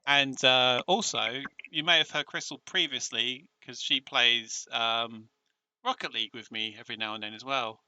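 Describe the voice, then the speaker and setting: A man with a British accent chatting casually on a live stream, excitable and emotional, often restarting his sentences. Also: mid-range voice, normal speed, smooth.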